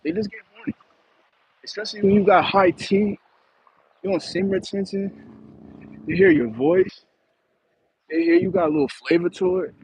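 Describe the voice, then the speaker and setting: A man's voice: high-pitched, animated, normal speed, vocal fry, pauses often, a little mellow, slight background noise, poor audio. A man with an East Coast American accent, joking around in a playful casual monologue and laughing often. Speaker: comedic vlogger.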